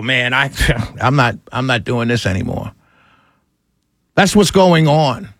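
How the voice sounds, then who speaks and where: A political commentator with a high voice rants to his audience, exasperated and incredulous, often stammering and laughing in disbelief. The studio-quality recording has no room sound.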